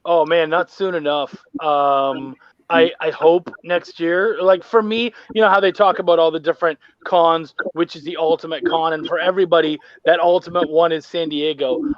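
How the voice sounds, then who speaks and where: High-voiced animated guy on a lo-fi mic. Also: normal speed, dry recording. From Canada. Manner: animated storyteller who acts out both sides of a sales pitch; slangy, says homie. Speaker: guest, independent comic creator. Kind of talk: casual live-stream chat. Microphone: home mic on a live video stream. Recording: dull lo-fi stream mic.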